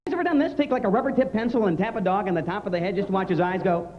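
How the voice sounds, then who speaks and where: A man doing stand-up comedy, animated and acting out silly impressions. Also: high voice, very fast, very noisy. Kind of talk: stand-up joke telling. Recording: dull 90s TV broadcast with loud crowd.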